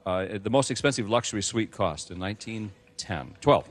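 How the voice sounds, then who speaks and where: A man hosting a TV game show, excitable and teasing, shouting out the results and joking with the contestants. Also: lowish voice, moderate pace. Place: TV studio with audience.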